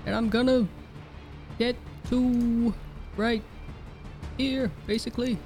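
A woman's voice: fairly high pitch, fairly even intonation, slow, a little mellow, faint music behind. A woman playing a tabletop game, laid-back, thinking aloud about her move. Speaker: player. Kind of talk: casual tabletop play.

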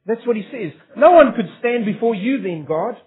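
At normal speed, a man with an extremely high, husky, expressive voice delivers a sermon as a pastor, earnest and forceful, firing rhetorical questions at the congregation. It's captured on a tinny, phone-like recording.

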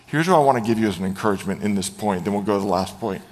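A middle-aged man preaching a sermon as a pastor, telling stories with lively animation and acting out quoted voices. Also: lowish voice, rapid-fire, big-room sound.

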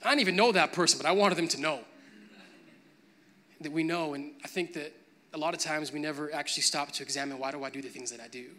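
A man's voice: on the high side, fast talker, sharp tone. A man preaching a sermon, moving from a conversational tone to emphatic, building preaching. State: briefly choked up with emotion.

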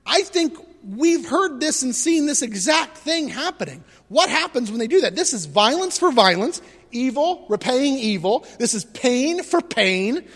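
A man preaching a conversational sermon, animated and full of rhetorical questions. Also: very high-pitched, big-room sound. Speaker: pastor.

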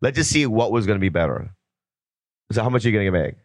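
A man's voice: fairly low pitch, expressive, quick pace, no echo. A man appearing as a guest comedian, talking in a blunt, rambling and provocative way in casual podcast banter.

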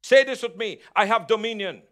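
A man preaching with a strikingly high voice, pressing each point through repetition. He leads his listeners in call-and-response, driving the sermon forward with firm conviction. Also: a little fast, a bit bright. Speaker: pastor. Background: congregation answering amen.

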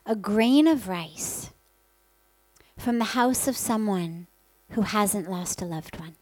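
Lady narrating a calm lord of death, slow measured talk, dry sound. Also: medium pitch, no echo, rough recording. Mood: patient.

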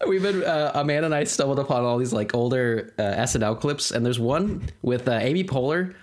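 A man's voice: medium pitch, a little fast. A man hosting a podcast in casual chat, rambling in an easygoing way and swearing casually. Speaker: podcast host.

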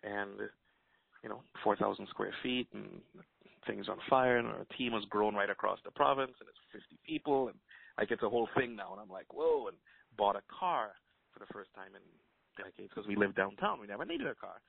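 A man with a gravelly, fry-edged voice tells his story with lively animation, laughing as he goes. He sounds thin and tinny, as if over a phone line, with a dry, close sound. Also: on the low side, fairly quick, dry recording. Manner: animated storyteller, laughs often, acts out quotes. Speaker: guest. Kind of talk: casual interview storytelling.

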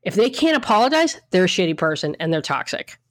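A woman's voice: fairly low pitch, very animated, fast talker, dry recording, clean studio sound. Frank, emphatic woman chatting. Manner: emphatic, frank, mildly profane, rambling with restarts. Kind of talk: casual chat.

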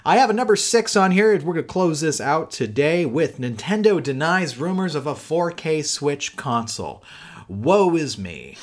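A man co-hosting a casual gaming podcast, his voice sitting a little high and swinging widely as he talks. He swears freely and laughs often, keeping the chat loose and animated. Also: normal speed, few pauses. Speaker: podcast co-host.

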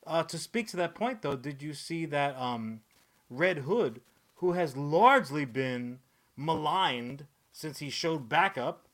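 A man co-hosting a podcast, rambling and swearing freely, cracking jokes in quick bursts. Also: on the high side, animated, fairly bright tone. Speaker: podcast co-host. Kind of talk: casual podcast chat.

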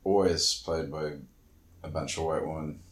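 A man's voice: extremely low pitch, fairly even intonation, moderate pace. A man co-hosting a podcast in casual chat, mostly giving brief agreeing replies and teasing questions. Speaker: podcast co-host.

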